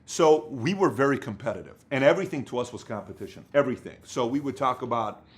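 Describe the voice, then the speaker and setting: A man gives a motivational business talk about company culture at a medium pitch. He tells stories in an animated, rambling way and often stops mid-thought with fillers. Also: quick pace. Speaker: company leader giving business advice.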